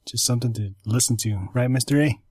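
A man's voice: medium pitch, quick pace, slightly rough, no echo. Podcast host guy, easygoing, repeats himself, dry sound. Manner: easygoing, repeats words when excited. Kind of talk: casual chat.

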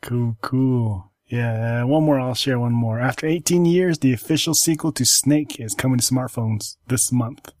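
A man's voice: mid-range voice, normal speed, hardly any pauses, a little mellow, no room sound. A man hosting a podcast in easygoing casual chat, repeating words as he goes. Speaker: podcast host.

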